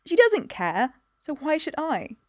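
Eager young girl voice, woman doing it, higher, bit urgent. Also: expressive, a little fast, a little mellow, no room sound, studio quality. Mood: earnest.

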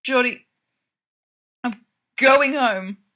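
A woman reading a story, voicing an excitable young man, a hockey player, who exclaims and gets easily rattled. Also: medium pitch, a little slow. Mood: shocked.

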